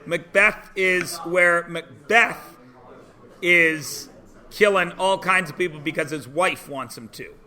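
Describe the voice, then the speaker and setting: A man in his forties, a high school English teacher, talking to his class in an animated, sarcastic, joking way. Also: slow. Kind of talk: classroom talk.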